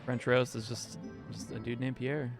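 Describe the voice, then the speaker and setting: A man's voice: mid-range voice, little pitch movement, normal speed. A young man chatting casually on a live stream, rambling and swearing with lots of fillers. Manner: rambling, profane, frequent fillers and laughs. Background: music playing underneath.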